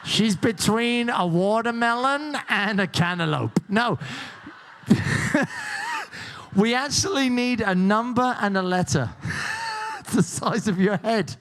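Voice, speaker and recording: A man's voice: extremely high pitch, huge pitch swings, unhurried, a bit bright. A man hosting a game show, joking and teasing the contestants and laughing often. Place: cruise ship show lounge.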